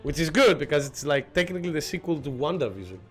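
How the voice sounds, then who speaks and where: A man, not a native English speaker, chatting excitedly and laughing through live gameplay commentary. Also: a little high, quick pace, faint music behind. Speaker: streamer.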